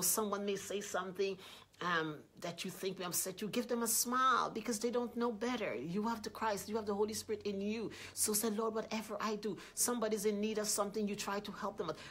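A woman preaching a sermon earnestly, repeating key lines and voicing example prayers louder. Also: medium pitch, husky. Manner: earnest, repetitive, rising loud when quoting prayers.

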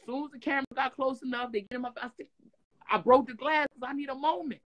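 A woman from Detroit tells her story in a casual interview, with a voice pitched a little high. She talks in an animated, profane way. She acts out quotes loudly. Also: quick pace, rough recording. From Detroit, USA. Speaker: guest.

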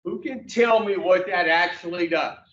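A man's voice: high-pitched, normal speed, a bit bright. A man, teaching a recovery class in a blunt, folksy way with mild swearing. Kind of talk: plain-spoken class talk. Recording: echoey, distant, dull room recording.

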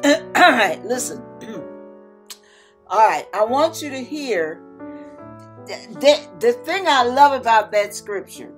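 A woman's voice: fairly high pitch, big pitch swings, slow, long pauses, soft background music. A woman hosting an online ministry, speaking heartfelt and tender as she shares and reads scripture. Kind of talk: devotional scripture teaching.

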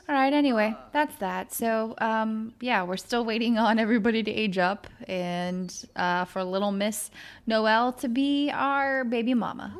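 A woman's voice: on the high side, a little slow. A young woman casually commenting on a life-simulation game, chatty and emotional, talking to her characters and viewers. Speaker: gaming video host. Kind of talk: casual let's-play commentary.

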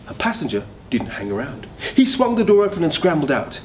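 A man on a school staff reading a story aloud in a conversational, lively way. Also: medium pitch, fairly quick, few pauses, a little hiss or hum.

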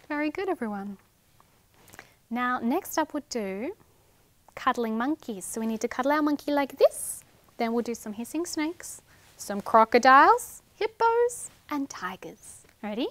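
A woman and children's librarian reading picture books and leading rhymes in an animated, sing-song, clear way. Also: fairly high pitch, normal speed, no room sound.

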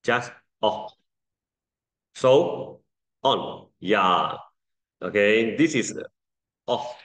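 A man's voice: fairly low pitch, expressive, drawn-out words, long pauses, a bit bright. A man teaching English pronunciation to a class, patiently drilling vowel sounds and calling on students. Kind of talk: classroom lesson.

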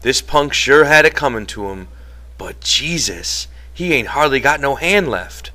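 A man reading an audiobook and voicing a calm, authoritative veteran ranch hand who speaks steadily and firmly. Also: mid-range voice, a little slow, pitched above the performer's own voice. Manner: steady, commanding.

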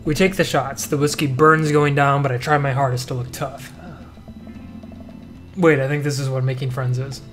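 A man's voice: mid-range voice, level tone, soft background music. A young man playing a dating game, reading its text aloud with playful, joking asides. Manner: playful, quick asides, reads dialogue aloud. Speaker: let's-play gamer.

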